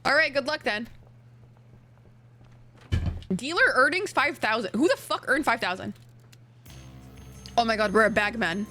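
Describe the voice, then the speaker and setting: A woman's voice: fairly high pitch, expressive, a little slow, pauses often, pushed and bright, faint music behind. A young woman streaming a game, chatting casually with a friend, joking crudely and swearing freely. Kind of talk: casual gameplay chat with a co-op partner.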